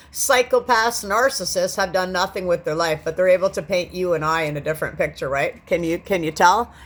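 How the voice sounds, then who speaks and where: A woman in her forties ranting agitatedly into a handheld phone while sitting on a bed, swearing often and repeating herself. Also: lowish voice. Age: 40s. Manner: agitated, profane, repetitive. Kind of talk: agitated vlog rant. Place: on a bed indoors.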